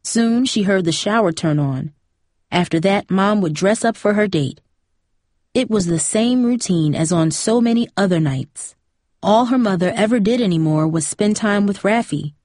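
With a medium-pitched voice at a moderate pace, a woman narrates a novel for an audiobook. The scripted reading is steady and even, captured as a dry recording with clean studio sound.

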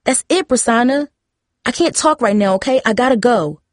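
A woman's voice: medium pitch, lively intonation, a little fast, darkish tone, no echo, studio quality, natural voice. A woman voicing a teenage girl who answers in curt, defensive retorts. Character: teenage girl, guarded and quick to snap.

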